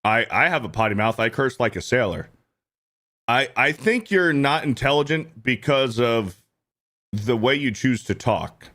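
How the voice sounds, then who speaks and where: A man's voice: medium pitch, expressive, a little slow, bright, forceful tone. A man hosting a stream, giving casual reaction commentary in a blunt, profane, repetitive way. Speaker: streamer host.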